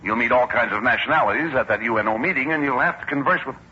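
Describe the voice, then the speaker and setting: A man as a brisk, bossy straight man in 1940s radio comedy, on a muffled old broadcast recording. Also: medium pitch, pushed and bright, a little hiss or hum.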